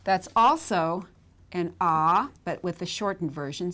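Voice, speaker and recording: A woman's voice: on the low side, unhurried, a bit bright. A woman teaching Hebrew vowels at a board, patiently repeating each sound and checking in with "okay?". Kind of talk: whiteboard lesson.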